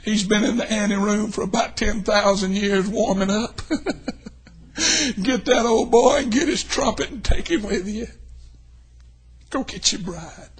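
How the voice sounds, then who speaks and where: An older man preaching a revival sermon in a church, telling folksy stories and swinging from hushed tones to shouting. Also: high-pitched, a little slow, breathy edge.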